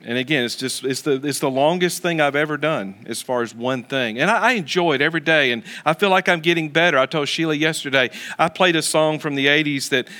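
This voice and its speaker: Man, pastor, sermon, earnest storytelling, crisp clear tone. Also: medium pitch, pushed and bright. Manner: earnest, storytelling with many restarts.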